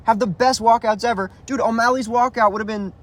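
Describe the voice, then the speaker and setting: High-voiced guy going off in a heated rant, swearing a lot, stumbling and restarting, keeps saying dude. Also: fairly even intonation, brisk, a bit bright. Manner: profane, repeats and restarts himself, calls listener dude. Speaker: YouTuber ranting about MMA.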